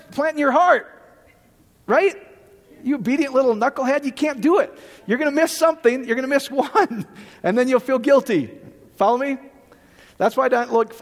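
High-voiced animated male preacher in a hall. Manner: animated, jokey, rhetorical questions. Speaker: pastor. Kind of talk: sermon.

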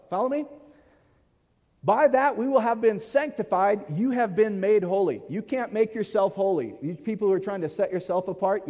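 A man's voice: sits high, warm tone. A man preaching a conversational sermon, often checking in with the congregation by asking whether they follow. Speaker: pastor. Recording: long hall reverb.

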